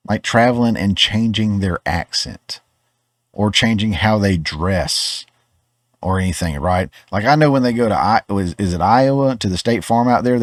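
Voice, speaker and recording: A man's voice: fairly low pitch, no echo, clean studio sound. A Southern US man hosting a podcast, giving opinionated commentary in a conversational way, often restarting his words. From Georgia, US. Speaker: podcast host.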